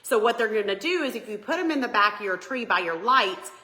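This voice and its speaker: A woman's voice: mid-range voice, lively intonation, a little fast, sharp tone, roomy sound, rough recording. A woman hosting a live Christmas decorating tutorial, chatty and upbeat, greeting viewers by name. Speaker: home decor livestream host. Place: home living room by a Christmas tree.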